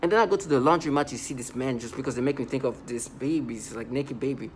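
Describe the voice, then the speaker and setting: A man talking in a casual vlog monologue, rambling and halting, with many restarts and stammered repeats. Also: medium pitch, a little hiss or hum. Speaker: vlogger.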